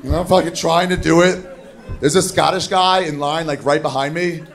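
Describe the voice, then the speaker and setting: A man doing a stand-up comedy set on a club stage, telling a story with animated, shouted put-on voices. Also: on the high side, moderate pace. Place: comedy club stage before a live audience. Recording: live club recording with crowd. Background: audience laughter.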